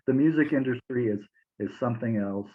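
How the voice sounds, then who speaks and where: A man's voice: mid-range voice, a little fast. A man interviewing, responsive and laughing along, asking follow-up questions. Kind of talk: casual interview. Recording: tinny phone-like line.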